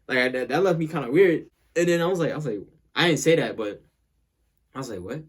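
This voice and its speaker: A young man tells a casual story to camera in a slightly high, husky voice. He rambles, circles back and repeats himself, and he acts out the quoted lines as he goes. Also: expressive, fast talker.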